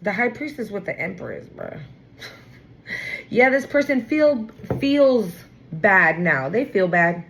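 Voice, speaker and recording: A woman's voice: medium pitch, slow pace, poor audio. A woman giving a casual spoken tarot reading, talking bluntly with slang and free swearing. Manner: animated, acts out quoted voices. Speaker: tarot reader.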